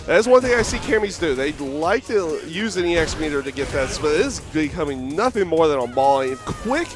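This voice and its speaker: A man with an American accent giving live, excitable play-by-play commentary at a fighting-game tournament. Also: fairly high pitch, over music. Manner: excitable, animated play-by-play with quick exclamations. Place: gaming venue with music playing.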